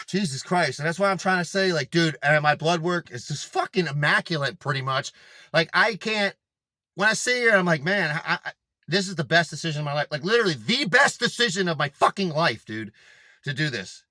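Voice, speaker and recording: A young man talks straight to the camera in a loose, rambling monologue, swearing constantly and piling up filler words. His voice is fairly high for a man and bright, with a dry, close sound. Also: lively intonation, normal speed, no room sound. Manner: profane, rambling, emphatic, heavy filler words. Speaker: fitness vlogger.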